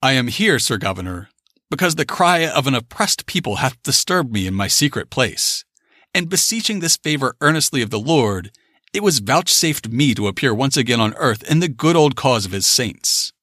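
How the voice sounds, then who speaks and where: A man's voice: mid-range voice, big pitch swings, normal speed, bright, forceful tone, no room sound, studio quality. A man voicing a stern ancient male Puritan ghost, speaking old-fashioned commanding words with solemn composure. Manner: solemn archaic commanding speech. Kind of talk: dramatic story reading.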